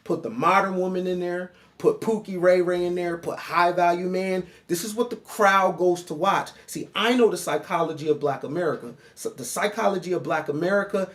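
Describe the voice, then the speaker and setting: A man giving an animated commentary monologue, mocking and lecturing the person he addresses. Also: high-pitched, moderate pace, hardly any pauses. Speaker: online commentator.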